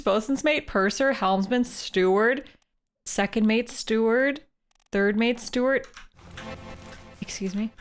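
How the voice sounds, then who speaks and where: A woman's voice: mid-range voice, steady tone, takes it slowly, vocal fry, a bit bright, clear, resonant tone. A young woman from Canada, a streamer thinking aloud playfully while playing a game live and chatting with viewers. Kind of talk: live gameplay commentary.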